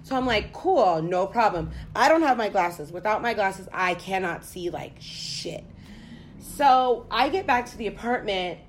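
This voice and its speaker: A young woman from the United States telling a story in casual chat, profane and animated. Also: mid-range voice, unhurried, a little hiss or hum.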